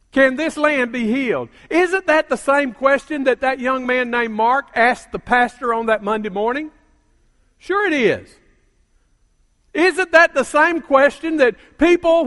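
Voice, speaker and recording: An older man preaching a sermon as a pastor, calling out to the congregation and building to emphatic shouts. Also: very high voice. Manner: call-and-response preaching, rising to emphatic shouts. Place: church sanctuary. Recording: long reverb of a church hall.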